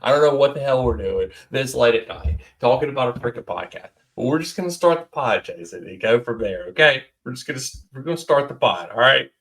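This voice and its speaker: A man's voice: medium pitch, animated, fairly quick, creaky, few pauses, a bit bright. A man hosting a casual football podcast over a remote call, blunt and jokey, swearing casually and sounding tired. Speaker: podcast host.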